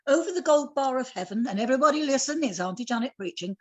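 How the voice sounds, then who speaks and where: A woman's voice: high voice, fast. A woman in her seventies, a guest on a video call, telling stories in a blunt, playful way. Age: 70s. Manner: blunt, lively, playful storyteller. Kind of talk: casual storytelling on a video call.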